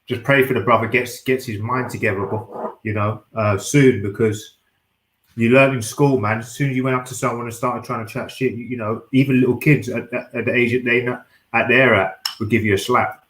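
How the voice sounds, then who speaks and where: Halting man in an echoey room. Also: mid-range voice, steady tone, a bit bright. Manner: halting, repeats words, measured. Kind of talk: casual chat. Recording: roomy echo.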